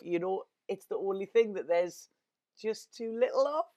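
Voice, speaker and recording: A woman's voice: mid-range voice, lively intonation, moderate pace, mellow. A woman, a tarot reader talking in an earnest, rambling, emotional way and often repeating her words. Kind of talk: casual spiritual monologue.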